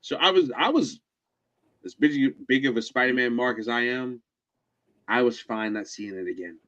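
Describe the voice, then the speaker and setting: A man talks excitedly on a film podcast, jumping in with opinions and laughing along. His voice sits at a middling pitch, and his recording sounds dull and muffled. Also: moderate pace. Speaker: podcast guest. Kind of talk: casual movie review chat.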